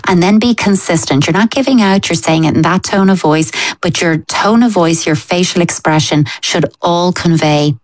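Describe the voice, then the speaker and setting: A woman, giving calm, practical parenting advice on a talk show. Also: lowish voice, normal speed, few pauses, dry recording. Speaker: parenting expert. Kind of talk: advice on a radio phone-in show.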